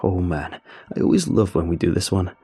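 A man voicing a cackling, sadistic masked ringleader who taunts his captives, muffled behind his mask, with a dark, husky tone. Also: deep voice, a little fast, faint music behind, heavily acted. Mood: gloating.

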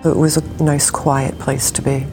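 A woman witness calmly recalling events in an interview. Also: sits low, unhurried, over music. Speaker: witness, nurse. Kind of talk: recounting in interview.

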